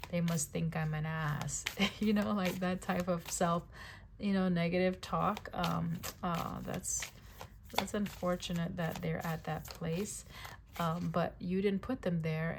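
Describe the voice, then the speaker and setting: A woman's voice: fairly low pitch, fairly even intonation, measured pace, vocal fry, slight background noise. A woman giving a casual tarot reading. She talks in a chatty way, repeats phrases, and keeps checking in with "right?" and "okay?". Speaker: tarot reader.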